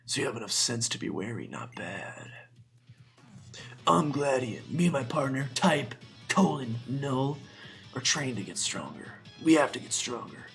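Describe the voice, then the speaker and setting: A man voicing a cold, brooding teenage boy rival trainer from a video game in a low, hushed, gruff voice. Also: big pitch swings, measured pace, faint music behind. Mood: cold, scornful.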